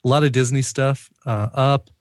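A man's voice: mid-range voice, fairly even intonation, normal speed, no room sound. A man co-hosting a casual movie podcast, chiming in with cast trivia. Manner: informative, interrupts with trivia. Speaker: podcast co-host who looks up cast details. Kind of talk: casual movie commentary chat.

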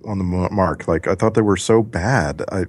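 A man's voice: deep voice, normal speed, slightly rough, dry recording. A man chatting during a movie commentary in a thoughtful, somewhat hesitant way. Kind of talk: casual movie commentary chat.

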